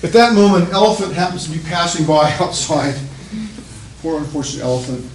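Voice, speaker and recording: A man's voice: fairly high pitch, a little fast. Chatty male lecturer in an echoey classroom. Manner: animated storytelling with a chatty tone. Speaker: university lecturer. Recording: echoey classroom with faint noise.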